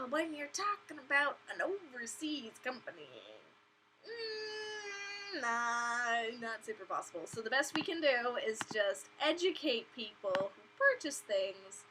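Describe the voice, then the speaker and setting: A woman's voice: sits high, very animated, slow, background noise. A young woman hosting a casual live stream from her bedroom, chatty and giggly, talking through her webcam mic. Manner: chatty, giggly, acts out voices of others in quotes.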